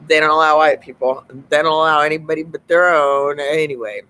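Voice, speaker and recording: A woman vlogger telling rambling personal stories, wandering between digressions and soft mumbled asides. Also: low-pitched, fairly quick, low-quality recording.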